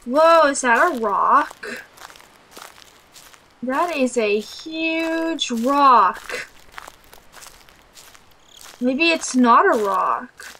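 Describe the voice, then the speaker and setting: A young woman narrates a horror game to herself in a high, bright voice, drawing her words out very slowly. She is nervous and jumpy, and she shrieks whenever something startles her. She comments as a let's play gamer. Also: lively intonation, slight background noise, low-quality recording. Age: young adult.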